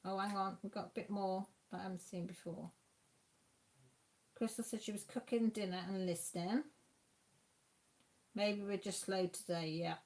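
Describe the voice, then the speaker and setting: A woman's voice: mid-range voice, fairly even intonation, moderate pace, pauses often, a little mellow. A woman chatting casually at home while hosting a craft live stream, reading comments and exclaiming aloud. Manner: chatty, exclaiming, talks to the chat. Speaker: craft channel host reading live chat.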